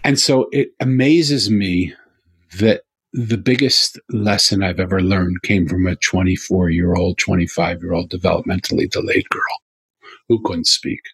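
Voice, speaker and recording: A man's voice: sits low, fairly even intonation, a little slow, breathy edge, no echo. A man speaking earnestly as an interview guest, telling a story with repeated emphatic phrases.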